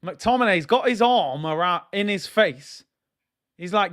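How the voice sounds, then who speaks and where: A young man giving excitable, slang-heavy live commentary as he watches a football match, now and then bursting into shouts. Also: sits high, measured pace. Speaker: football fan streamer.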